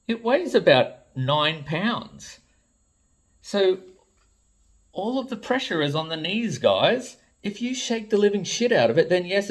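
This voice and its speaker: Swearing Australian man ranting. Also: on the high side. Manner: exasperated, blunt, swears freely. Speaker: toy designer. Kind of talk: ranting vlog commentary.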